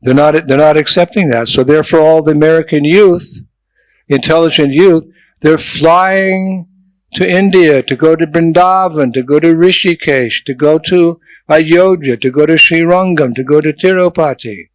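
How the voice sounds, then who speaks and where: Older monk preaching with dry clarity. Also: male voice, a little high, no echo, low-quality recording. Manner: lively storytelling with jokes and asides. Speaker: traveling monk giving a talk. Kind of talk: sermon to a youth festival.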